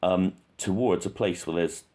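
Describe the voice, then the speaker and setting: Deep-voiced man in casual true crime commentary. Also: unhurried, warm tone. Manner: conversational, thinks aloud with frequent restarts. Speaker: true crime channel host.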